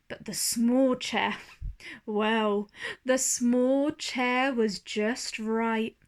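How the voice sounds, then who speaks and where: A woman reads a children's storybook aloud at a slow, unhurried pace. Her voice sits fairly high and she reads expressively, storyteller style.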